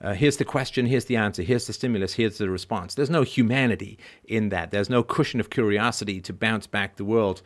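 A man's voice: lowish voice, fairly quick, few pauses. A middle-aged man hosting a show, talking through ideas in a discursive, emphatic monologue and checking in with frequent tag questions. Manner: discursive, emphatic, constant "right?" tags. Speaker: podcast host. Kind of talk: philosophical monologue.

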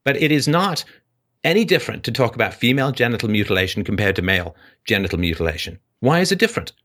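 Very animated and fast, this male radio host spars with a caller, cutting him off and spiking his pitch for emphasis as he lectures forcefully.

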